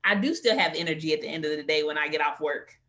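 Woman, podcast guest, lowish pitch, forceful bright tone, animated storytelling. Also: fast talker. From United States. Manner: animated storyteller, acts out quotes. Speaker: guest, career coach. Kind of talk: conversational interview.

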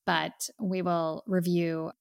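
A woman's voice: on the low side, flat delivery, slow pace, creaky, smooth, no room sound, clean studio sound. A woman co-hosting a podcast, chatting with enthusiasm about an album and saying "like" a lot. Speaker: podcast co-host. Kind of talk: casual music review chat.

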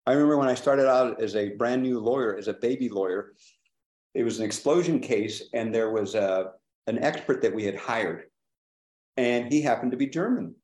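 A man from California, a trial lawyer speaking on a panel, animated and asking questions of the others. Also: medium pitch, moderate pace, roomy sound. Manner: animated, asks the room questions. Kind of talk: panel discussion.

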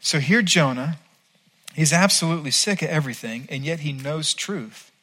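Brief: male pastor preaching, fairly high, bright ringing voice, earnest and emphatic. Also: moderate pace. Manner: earnest, emphatic, shifts between soft and loud. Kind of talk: sermon.

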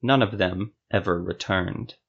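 A man narrating a scripted fantasy story for a podcast in a steady, even storytelling manner. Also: deep voice, a little slow, vocal fry, slightly rough, dull audio.

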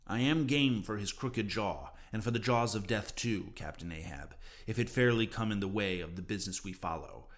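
A man's voice: fairly low pitch, moderate pace, hardly any pauses, lightly acted. A man voicing a cautious, level-headed male first mate who speaks earnestly.

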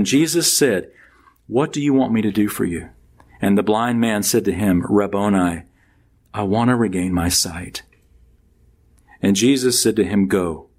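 Man preaching with rising, swinging pitch. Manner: preaches with lively pitch swings, reading scripture aloud. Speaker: pastor. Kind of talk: sermon.

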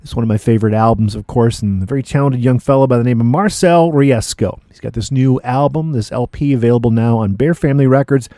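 A man's voice: mid-range voice, quick pace, hardly any pauses, dark tone, no echo, studio quality. A man hosting a radio music show, chatting in a laid-back way between records with frequent fillers. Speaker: radio DJ host.

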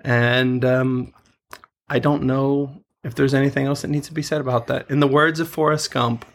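A man's voice: medium pitch, little pitch movement, normal speed. A young man in his twenties co-hosting a podcast, telling stories in a rambling way and laughing often. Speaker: podcast co-host. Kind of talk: casual chat.

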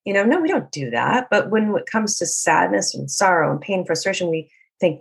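A woman's voice: fairly low pitch, sing-song, moderate pace, creaky, few pauses, slightly rough. A woman life coach speaking in an earnest, reflective way, sometimes acting out people's inner voices as she talks. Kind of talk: casual conversation.

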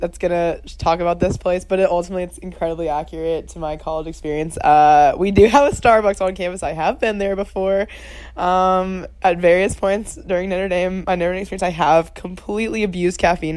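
Her voice sits on the low side and sounds a little mellow, with no echo. She's a young adult co-hosting a student podcast, rambling casually and running herself down good-naturedly.

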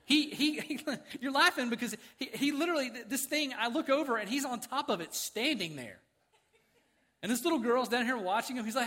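Animated storytelling male preacher. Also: very high-pitched, brisk. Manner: animated, acts out quotes, chuckles often. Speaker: pastor. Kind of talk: sermon with storytelling. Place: church sanctuary.

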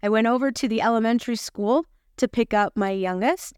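Woman host, gospel lesson; chatty, self-deprecating storyteller, smooth voice, dry close sound. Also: a little high, a little fast, darkish tone, no room sound. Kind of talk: scripture lesson with personal storytelling.

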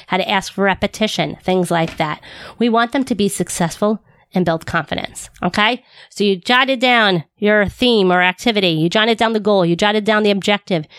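A woman's voice: mid-range voice, no echo, studio quality. A woman speech-language pathologist giving instructional talk to fellow clinicians in an upbeat way, posing rhetorical questions as she goes. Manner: upbeat, rhetorical questions, acts out student voices.

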